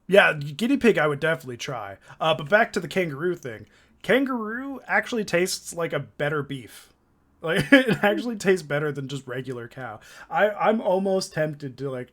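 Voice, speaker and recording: A man's voice: a little high, a bit bright. A young man from Canada chats on his podcast in a slightly raised voice. He jokes constantly, breaks into laughter, and slips into goofy voices for imagined people. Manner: jokey, laughs often, acts out silly quoted voices. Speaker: podcast host. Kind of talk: casual podcast chat.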